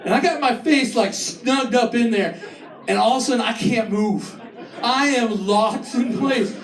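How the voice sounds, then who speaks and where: A man on a comedy club stage, telling his story in a lively, animated way, full of groans and little acted voices. His voice sounds a bit distant and bounces around a roomy, echoey space. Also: very high voice, measured pace. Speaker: stand-up comedian. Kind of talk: stand-up comedy set. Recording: echoey room, voice from far off.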